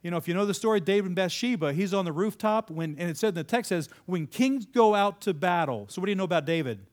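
A man with a high voice speaks in rapid-fire fashion to a live audience. His sermon-style talk stays conversational as he asks questions, repeats the replies, and jumps into sudden bursts of emphasis.

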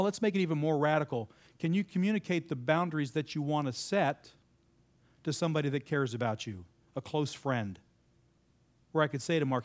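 A man giving a conversational, sermon-style talk, asking the audience questions and repeating their answers, with sudden emphatic lifts. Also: on the high side. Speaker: speaker addressing a live audience.

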